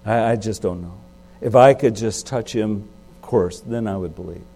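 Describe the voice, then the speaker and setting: Delivering a sermon in a chatty style, this pastor's gravelly voice moves at a moderate pace. He questions his audience and punctuates points with abrupt leaps in pitch and loudness.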